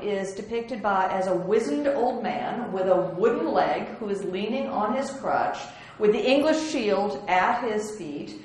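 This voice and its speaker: A woman giving a slide lecture on historical prints, chatty and wry, with many ums and restarts. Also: mid-range voice. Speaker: museum curator giving an illustrated lecture. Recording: very echoey room with faint hiss.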